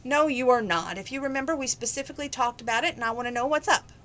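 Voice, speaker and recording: A woman reading as a brisk, upbeat young woman. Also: high voice, a bit bright, a little hiss or hum, pitched above the performer's own voice. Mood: insistent.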